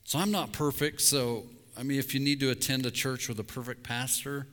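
A middle-aged man preaching a sermon in a church sanctuary, his voice bright and forceful. He is candid and intense, confessing his own failings and then dropping to a hush on key words. A long hall reverb trails each phrase. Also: mid-range voice, steady tone, brisk. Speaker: pastor.

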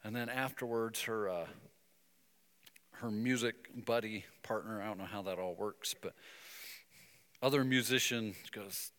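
A man preaching a sermon, telling a story and breaking into emphatic, animated bursts. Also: on the low side, a little slow, long pauses, long reverb tail. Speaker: pastor.

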